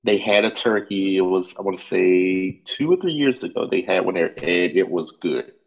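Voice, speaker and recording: Laid-back man with a very deep voice. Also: lively intonation, normal speed, low-quality recording. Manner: laid-back, brief replies. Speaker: podcast co-host. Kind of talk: casual chat.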